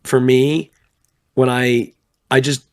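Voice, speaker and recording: A man's voice: medium pitch, flat delivery, slow pace, clear, resonant tone. A young man chatting casually on a late-night stream, rambling through stories and acting out what people said. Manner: rambling storyteller, acts out quoted voices. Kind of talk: casual chat.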